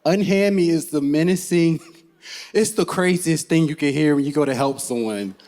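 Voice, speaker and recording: A man telling a funny personal story to a live audience, animated and laughing as he goes. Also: on the high side, moderate pace. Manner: animated and comic, laughing as he tells it. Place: theater stage.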